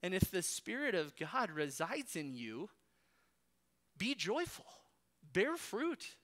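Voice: medium pitch, big pitch swings, slow pace, a bit bright. A preacher delivers an expository sermon with firm emphasis. The voice exhorts listeners directly and leans on rhetorical questions to drive each point home.

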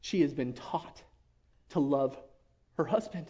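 A man giving an emotional personal testimony to his church, earnest and halting, often dropping to a hush. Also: fairly high pitch, lively intonation, breathy edge. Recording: dull lo-fi recording.

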